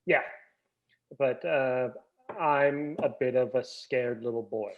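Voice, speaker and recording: A man's voice: medium pitch, takes it slowly, phone-quality sound. A man guesting on a podcast over a video call, telling self-deprecating stories. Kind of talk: casual chat, anecdotes.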